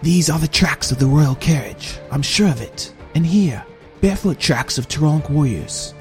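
A man's voice: a little high, animated, normal speed, faint music behind, pitched above the performer's own voice. A male narrator voicing a stern male general who gives clipped, urgent orders. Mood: planning.

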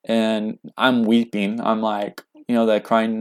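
A young man telling a personal story in casual speech, earnest and halting, with lots of fillers. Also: on the low side, flat delivery, clean tone. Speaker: guest.

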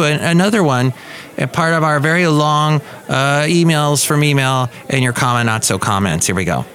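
A man's voice: a little high, animated, normal speed, a bit bright. Goofy rambling male podcast host. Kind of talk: casual solo podcast chat.

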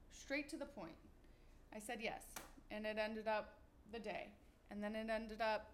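A woman's voice: on the high side, fairly even intonation, measured pace, slight background noise. A young woman hosting her own podcast, chatting casually while walking around her kitchen, swearing freely and acting out what she and others said. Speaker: podcast host. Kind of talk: casual solo podcast chat.

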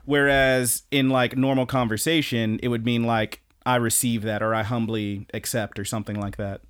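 A man's voice: medium pitch, flat delivery, moderate pace, fairly bright tone, clean tone. A young man co-hosting a podcast, recapping an anime in casual, rambling chat and laughing often. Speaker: podcast co-host.

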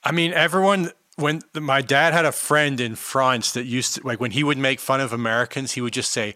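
Man, podcast co-host, bright voice, casual and enthusiastic, dry close sound. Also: medium pitch, steady tone, fairly quick, few pauses, no room sound. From South Africa. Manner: enthusiastic, swears freely, many fillers. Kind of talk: casual chat.

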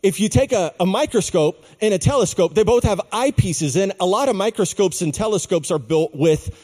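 A man preaching a sermon, slow and emphatic, with dramatic pauses on key words. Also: sits high, lively intonation, darkish tone, in a large hall. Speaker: pastor.

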